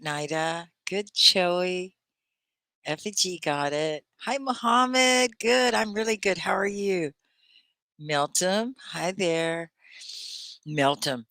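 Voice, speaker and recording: There's no echo on this recording of a low-voiced woman from Texas. Hosting a live online English class, she gushes animatedly over the viewer comments she reads out.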